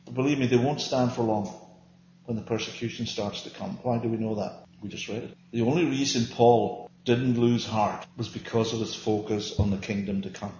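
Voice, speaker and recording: A man's voice: medium pitch, fairly even intonation, normal speed, darkish tone, a little hiss or hum. An earnest man leads a small-group Bible teaching, pressing his points and answering his own questions. The recording is roomy and a bit dull, with faint ambience behind him.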